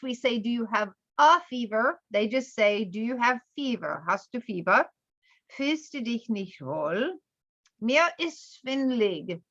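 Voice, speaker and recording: Slow, clear woman teaching German vocabulary. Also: medium pitch, fairly bright tone, dry recording. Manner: explains with many "um" fillers, slows for German words. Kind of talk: classroom vocabulary lesson. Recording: dull, slightly lo-fi, dry sound.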